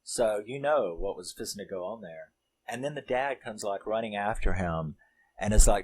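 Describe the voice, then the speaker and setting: A man's voice: on the low side, expressive, moderate pace, slight background noise, poor audio. A man casually recapping a film, rambling and emotional, with lots of fillers and swearing. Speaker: film reviewer.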